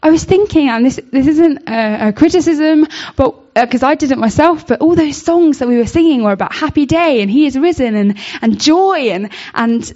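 A woman with a fairly high voice talks through a Bible passage in an informal, searching way. She restarts often and leans on fillers as she thinks aloud. The recording sounds dull and lo-fi. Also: expressive, normal speed, hardly any pauses, a little mellow. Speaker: speaker giving a Bible reflection. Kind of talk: informal devotional talk.

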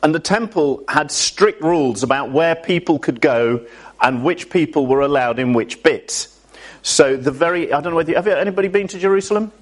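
A man's voice: fairly high pitch, normal speed. A man preaching a sermon to a church congregation in a chatty way, often asking his listeners questions.

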